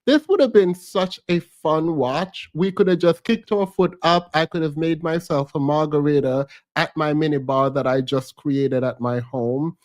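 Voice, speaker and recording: A man's voice: on the high side, moderate pace, hardly any pauses, darkish tone. A man streaming a casual reaction commentary, laughing often, repeating phrases and teasing playfully.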